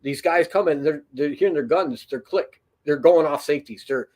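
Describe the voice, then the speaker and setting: A man's voice: a little high, moderate pace, a little mellow. A man telling a long story in a casual, rambling way, full of fillers, restarts and swearing. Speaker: podcast host.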